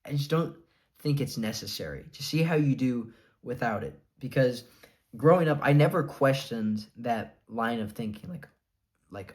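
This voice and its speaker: A man's voice: medium pitch, lively intonation, normal speed, a little mellow. A young adult man talking casually to camera, rambling with many fillers, earnest and a bit defiant. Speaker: vlogger sharing his diet experience.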